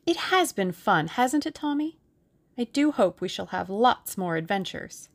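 A woman's voice: mid-range voice, big pitch swings, measured pace, pitched above the performer's own voice. A woman doing a coy, spirited young Englishwoman. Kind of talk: audiobook character reading.

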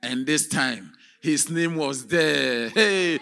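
A man preaching as a theatrical storyteller, with sudden shouts and sound effects. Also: a little high, slow, gravelly. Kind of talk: dramatic sermon storytelling.

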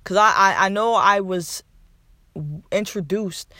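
A man's voice: high voice, steady tone, slow, sharp tone, dry recording, clean studio sound. A young man hosting a podcast, giving a casual motivational talk and repeating phrases for emphasis with casual swearing. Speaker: podcast host.

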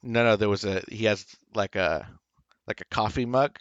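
A man's voice: fairly low pitch, normal speed, no room sound. A man co-hosting a podcast, chatting casually in a rambling way and swearing offhand. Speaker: podcast co-host. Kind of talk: casual chat. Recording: dry, dull lo-fi mic.

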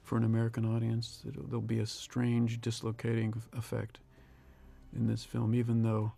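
A man in his sixties, a film director giving a reflective, measured audio commentary. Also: mid-range voice, monotone, gravelly, warm tone. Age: 60s. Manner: reflective, measured, with pauses and restarts.

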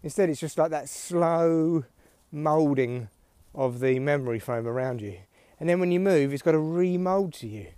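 A man rambles through a solo podcast monologue in a dry, self-mocking way. His voice sits fairly high for a man. The recording is close and dry. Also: normal speed, mellow, clean tone, no room sound. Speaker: podcast host.

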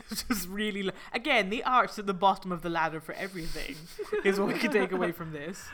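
Teasing woman co-host, mid-pitched. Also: fairly bright tone. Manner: teasing, quick, laughs often. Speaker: podcast co-host. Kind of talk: casual chat.

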